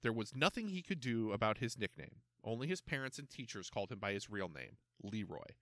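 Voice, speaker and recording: Reading from a storybook, this man sounds animated and expressive, his voice rising and dipping with energy. It's a fairly low but bright, forward voice, delivered briskly. You hear it up close on the mic, dry and free of any reverb.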